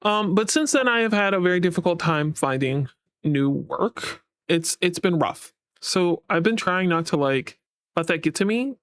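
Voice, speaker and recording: A man's voice: sits high, expressive, normal speed, fairly bright tone, smooth, no room sound. A man giving a casual personal update to his viewers as a VTuber, rambling and frustrated, swearing often. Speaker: VTuber and YouTube creator.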